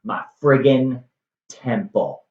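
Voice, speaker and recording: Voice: medium pitch, steady tone, slow pace, reverberant, phone-quality sound, lightly acted. A storyteller voicing a cold, commanding god in a retold stage tragedy. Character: cold stern young god.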